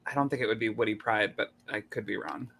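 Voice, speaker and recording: A man's voice: lowish voice, fast talker, creaky, a crowd in the background. A man co-hosting on a video call, chummy and ribbing his partner. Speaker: co-host. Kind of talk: casual chat.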